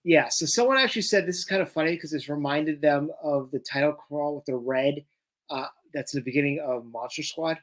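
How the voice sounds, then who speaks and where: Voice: medium pitch, fairly quick. A co-host chatting casually and enthusiastically during a live watch-along. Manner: chatty, enthusiastic fan banter. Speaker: podcast co-host.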